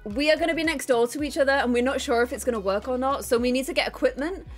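A young woman hosting a casual vlog, excitable and gasping with delight as she chats. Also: high voice, quick pace, faint music behind. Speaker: vlog host. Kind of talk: casual chat.

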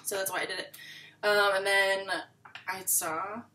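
A woman's voice: mid-range voice, little pitch movement, a little slow, pushed and bright, reverberant, far from the mic, a little hiss or hum. A woman comedian chatting as a guest in a casual interview, laughing often and trailing off with fillers.

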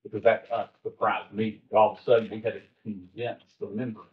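A man addressing a closed meeting in a measured, halting way as he explains. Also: fairly low pitch, little pitch movement. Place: meeting room, far from the mic. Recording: distant, echoey, tinny leaked recording.

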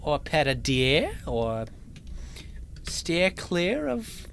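A man playing a horror game for his channel, joking and taunting the monster he's hiding from, with sudden yells and laughs. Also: on the high side, wildly swooping pitch, slow, gravelly, a little hiss or hum. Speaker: gaming channel host. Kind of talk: let's play commentary.

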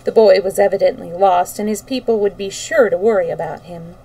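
A woman reading a children's book aloud for a livestream, relaxed and unhurried. Her voice is gravelly and mellow. It comes from a slightly distant mic. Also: medium pitch. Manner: relaxed, with small slips. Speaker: storyteller.

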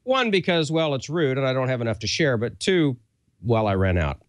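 A man's voice: mid-range voice, sing-song, fairly quick, dry recording. A middle-aged man co-hosting a show, doing a jokey, self-mocking ad read in casual talk. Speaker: co-host reading an ad.

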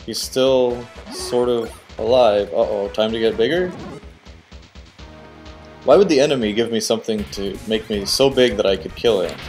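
A man giving casual, excitable commentary while playing a video game, cheering on the character and guessing at the boss's moves. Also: lowish voice, normal speed, faint music behind. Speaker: let's play host.

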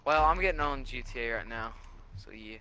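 A man's voice: medium pitch, brisk, pushed and bright, poor audio. A man chatting casually while gaming, joking, laughing and singing the same line again and again. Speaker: gamer.

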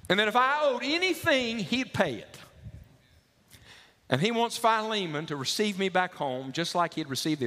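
A male preacher voicing a humble, ashamed runaway slave who speaks quietly and softly. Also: on the high side, big-room sound, voice pushed up. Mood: moved. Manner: quiet, humble, soft-spoken.

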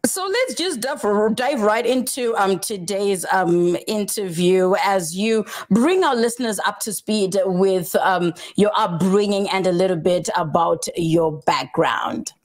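A woman's voice: mid-range voice, lively intonation, a little slow, few pauses. A woman hosting an online radio interview, upbeat and hyping her guest in casual chat. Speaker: radio host.

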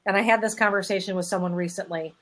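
A woman's voice: mid-range voice, fairly even intonation, fast, fairly bright tone. A woman hosting a panel discussion, talking in an encouraging and reflective way. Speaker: host.

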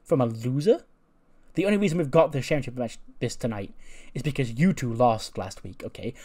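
A man's voice: mid-range voice, expressive, a little fast, warm tone. A man voicing an arrogant, bossy woman wrestler champion in a smug, dismissive way.

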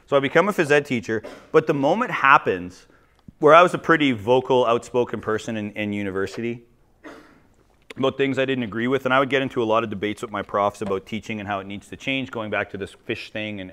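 A man from Ontario, a teacher telling jokey, animated stories in a conference talk. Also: medium pitch. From Ontario, Canada. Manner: animated, jokey, acts out quoted voices. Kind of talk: humorous storytelling presentation.

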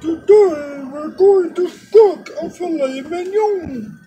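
A man putting on the voice of a female TV cooking hostess, high and slow. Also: mellow, soft background music, rough recording. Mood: chirpy. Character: high-pitched fussy TV cooking hostess imitation.

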